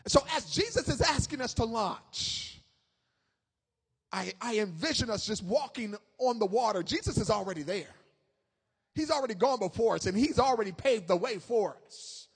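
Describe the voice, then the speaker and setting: A male pastor preaching a sermon, moving from hushed scripture reading to shouted exhortation. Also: very high voice, animated, moderate pace, vocal fry, husky, long reverb tail. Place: church sanctuary.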